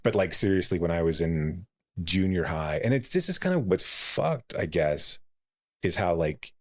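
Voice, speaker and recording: A man's voice: low voice, lively intonation, moderate pace. A man co-hosting a casual film podcast, rambling with frequent laughs, fillers and restarts. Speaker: podcast co-host. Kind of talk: casual chat.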